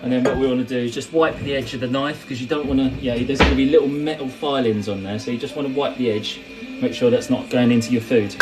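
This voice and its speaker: A man's voice: mid-range voice, steady tone, quick pace, over loud music, rough recording. A man hosting a casual cooking livestream, chatting and rambling as he answers viewer comments. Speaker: cooking host. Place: kitchen.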